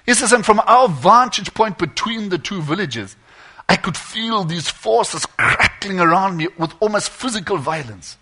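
A man preaching and telling a tense story dramatically, dropping to a hush and swelling again. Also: high-pitched, animated, unhurried, husky.

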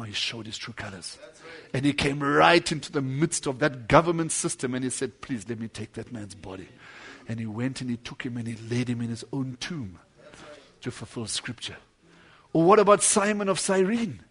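A man preaching a sermon, telling a story with dramatic swings between loud declamation and hushed low passages, acting out the lines of the people in it. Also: animated, normal speed, slightly rough. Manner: acts out quoted dialogue within the story.

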